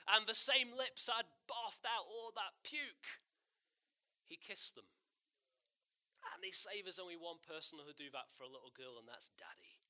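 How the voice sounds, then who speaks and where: A man preaching a sermon, telling a story in an animated, theatrical way with playful asides and big swings in loudness. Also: high voice.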